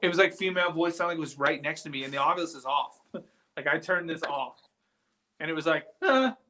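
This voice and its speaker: Bright, excitable man on a live ghost hunt. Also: on the high side, fast talker. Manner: excitable, rambling storyteller. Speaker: guest paranormal investigator. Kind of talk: casual live chat from an investigation site. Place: old building indoors at night.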